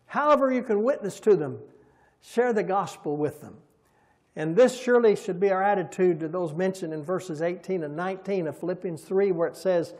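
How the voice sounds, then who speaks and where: A man preaching a folksy sermon, swelling loud and slow on scripture and dropping soft for homey asides, and leading the congregation in repeating lines. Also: high-pitched. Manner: folksy, chuckles at his own stories; leads the congregation in call-and-response. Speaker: pastor.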